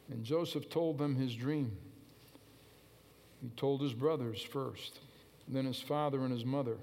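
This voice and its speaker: A man's voice: mid-range voice, measured pace, pauses often, a little mellow. Emphatic man preaching a sermon. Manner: emphatic, repetitive exhortation with call-and-response.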